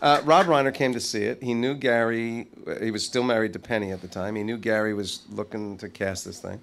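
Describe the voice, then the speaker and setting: A middle-aged actor telling stories as a guest, animated and self-deprecating, on a live stage. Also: male voice, lowish voice, brisk, creaky. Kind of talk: anecdotal storytelling. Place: live stage before an audience.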